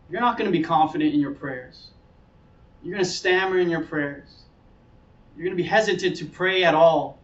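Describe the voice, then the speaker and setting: This pastor's voice is a little high and his pace moderate as he delivers an earnest sermon, now and then voicing characters from his story. He sounds distant from the mic in an echoey hall, and the audio is dull.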